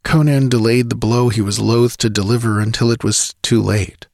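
A man's voice: medium pitch, fairly even intonation, moderate pace, vocal fry, darkish tone, dry recording, clean studio sound. A man narrating a sword-and-sorcery audiobook with vivid, driving storytelling.

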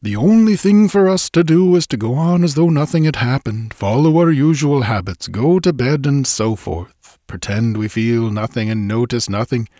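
A man voicing a frightened adventurer who urges caution in hushed tones and breaks into frantic cries. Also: medium pitch, lively intonation, normal speed, few pauses, no room sound, clean studio sound, voice pushed up, close to an everyday voice. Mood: urgent hushed. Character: frightened male adventurer, tense, whispering warnings.

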